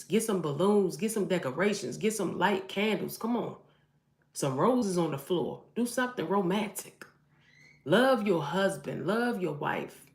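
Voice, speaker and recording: A woman, a mother and vlogger, giving emphatic motivational advice to her camera and repeating phrases for emphasis. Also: mid-range voice. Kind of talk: preachy motivational talk to camera. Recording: roomy echo.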